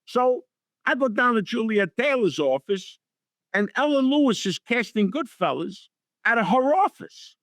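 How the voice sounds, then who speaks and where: A man's voice: very high voice, measured pace, dry recording, clean studio sound. A middle-aged man, telling stories as a guest and acting out the people he quotes. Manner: animated storyteller acting out quotes in voices. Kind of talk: storytelling interview.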